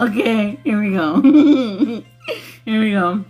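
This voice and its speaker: A woman's voice: mid-range voice, animated, takes it slowly, a little mellow. A woman chatting casually on a live stream, laughing often and swearing bluntly as she talks to her viewers. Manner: giggly, breaks into frequent laughter; blunt and profane, addresses viewers as y'all. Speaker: spiritual channel host.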